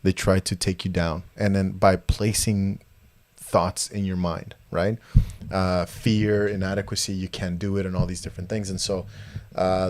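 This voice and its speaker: A man with a low, slightly mellow voice hosts a podcast in casual chat. He rambles, using lots of fillers and restarts.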